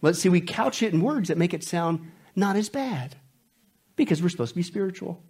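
A man preaching a sermon, animated and joking, dropping from loud bursts to hushed lines. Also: sits high, brisk, husky. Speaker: pastor.

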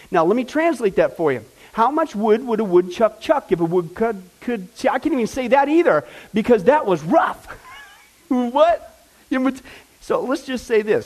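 Male pastor, high voice, conversational sermon, frequent check-ins, excited outbursts. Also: rough recording. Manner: bursts of excited exclamation.

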